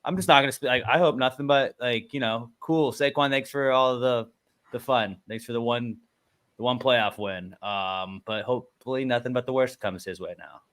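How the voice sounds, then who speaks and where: A man co-hosts a casual sports chat, blunt and sardonic in his remarks. His voice is bright and forceful at a middle pitch. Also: normal speed. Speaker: co-host.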